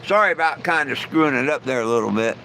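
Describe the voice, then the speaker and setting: A man's voice: mid-range voice, lively intonation, fast, gravelly, sharp tone, slight background noise, low-quality recording. A man hosting a live stream, telling jokes in a folksy, rambling way with lots of "you know". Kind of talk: casual joke telling.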